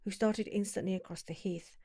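A woman narrating an audiobook in a calm, measured storytelling voice on a close mic. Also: mid-range voice, breathy edge, no room sound.

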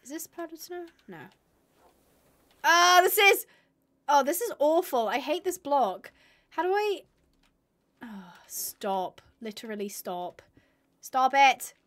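A woman's voice: sits high, animated, slow pace, long pauses, fairly bright tone. A young woman streaming a game live, chatting to viewers and gushing and squealing over cute animals.

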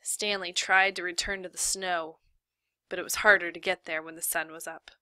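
A woman reading a novel aloud in steady, measured narration. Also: on the low side, dry recording. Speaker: reader.

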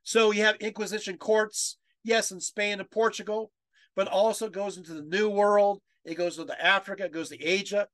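A man's voice: high voice, steady tone, normal speed, fairly bright tone, no room sound. A man giving a history lecture over a video call, reading quotes aloud and getting choked up with emotion, with many fillers and rhetorical questions.

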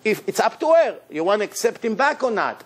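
A man's voice: sits high, very animated, fairly quick, breathy edge. A man who is a rabbi, giving an emphatic sermon full of rhetorical questions, in loose, non-standard English grammar.

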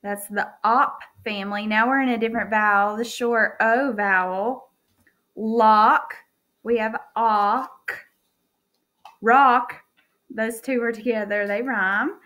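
A woman teacher in her thirties leads a phonics lesson from home, speaking slowly and clearly. Her voice sits a little higher than most women's, with steady, encouraging delivery. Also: rough recording. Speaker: elementary school teacher. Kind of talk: remote phonics lesson for students.

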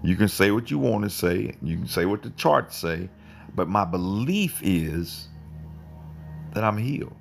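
Gravelly, animated man teaching scripture. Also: low voice, a little slow. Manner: digressive, self-correcting, pointed rhetorical questions. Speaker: Bible teacher. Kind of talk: informal livestream Bible teaching.

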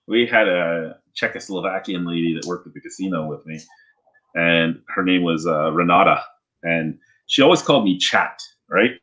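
A man's voice: low-pitched, moderate pace, fairly bright tone, poor audio. A man co-hosting a podcast, telling rambling stories with lots of swearing and restarts in casual chat. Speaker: podcast co-host.

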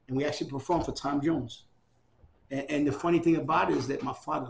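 A middle-aged man recounting his life in a casual oral history interview, animated and acting out the dialogue of people he quotes. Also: a little high, quick pace, creaky.

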